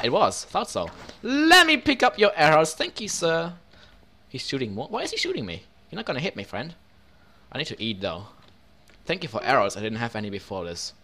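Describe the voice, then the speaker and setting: A young man giving excitable gameplay commentary, yelping for help, laughing often and dropping into low muttered asides. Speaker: gaming video host.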